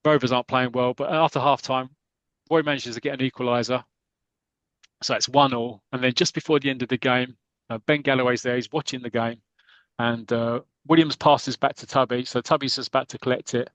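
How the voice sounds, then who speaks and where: A man's voice: mid-range voice, steady tone, brisk, a bit bright, no room sound. Guy on a podcast rambling through a comic plot, dry close sound, mid voice. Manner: rambling, many fillers and restarts, chatty. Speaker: podcast host. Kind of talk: casual retelling of a comic story.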